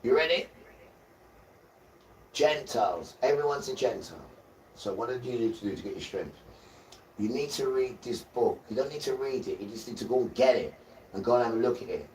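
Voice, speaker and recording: A man's voice: mid-range voice, animated, fairly quick, darkish tone, far from the mic. Rambling man preaching on a live stream. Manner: rambling, preachy, often addresses viewers as guys. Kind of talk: informal live-stream religious talk. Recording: roomy sound from away from the mic, faint noise.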